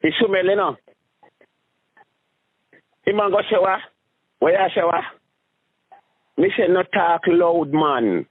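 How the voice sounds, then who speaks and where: A man with a Jamaican accent telling rambling comic stories, jumping into high voices when he acts out scenes. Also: animated, takes it slowly, pauses often, dry recording. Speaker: street comedian. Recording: tinny phone-like sound.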